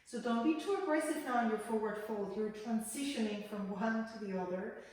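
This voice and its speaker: A woman leads a yoga class, calmly cueing each breath and movement in a gentle, guiding way. Her voice sits a little high. She sounds distant from the mic, in a large room with a long, ringing echo. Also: fairly quick. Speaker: yoga teacher. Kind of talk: guided yoga class instruction. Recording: echoey room, voice from far off the mic.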